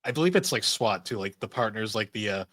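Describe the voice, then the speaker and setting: Bright-voiced male podcast co-host. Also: lowish voice, quick pace, no room sound. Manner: relaxed, recounts scenes with quoted lines. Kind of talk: casual chat.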